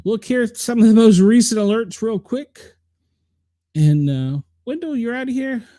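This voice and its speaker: Guy in his middle years, dark voice, dry close sound, rambling chatty weather talk. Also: very high-pitched, expressive, normal speed, no room sound. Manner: chatty, rambling, talks to viewers by name. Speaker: show host reading the weather. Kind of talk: casual live-stream weather rundown.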